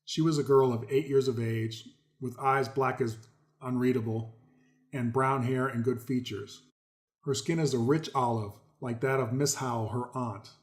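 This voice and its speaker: A man's voice: mid-range voice, steady tone, unhurried. Emphatic man reading and commenting. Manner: emphatic, repeats key words for stress; addresses viewers as folks. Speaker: host. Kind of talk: commentary reading articles aloud.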